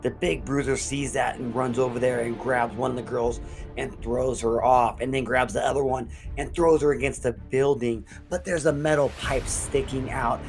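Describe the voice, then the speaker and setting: A man's voice: mid-range voice, steady tone, moderate pace, over music. A man hosting a horror review show, recapping an episode in a casual, profane storytelling way.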